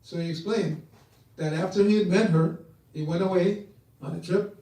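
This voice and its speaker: A man's voice: high-pitched, steady tone, normal speed, dark tone. A man giving a sermon, telling stories and acting out the voices he quotes. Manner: storytelling, acts out quoted voices. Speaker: preacher. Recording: echoey hall, voice from far off.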